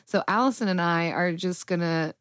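Upbeat lower-voiced woman podcast host. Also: moderate pace, a bit bright, clear, resonant tone, dry recording, clean studio sound. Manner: upbeat, chatty and enthusiastic. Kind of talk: casual interview chat. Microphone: remote video call.

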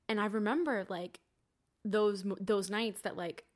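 A woman's voice: mid-range voice, fast. A young woman, a podcast guest, telling her story in a candid, casual way, swearing freely and saying "like" a lot. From Cuban family.

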